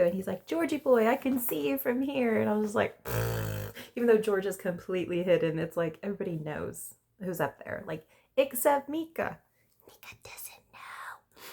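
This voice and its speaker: Chatty female recap host, gossipy delivery, a bit of fry in a low-ish voice. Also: a little mellow. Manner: chatty, gossipy, acts out quotes with laughs. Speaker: reality TV reviewer. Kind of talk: casual recap chat.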